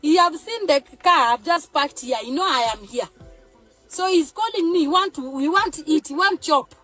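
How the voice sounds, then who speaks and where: A woman's voice: sits high, lively intonation, moderate pace, a bit bright, soft background music. A woman with a Nigerian accent, a mother ranting emotionally to camera in an agitated, threatening and pleading way. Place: parked car.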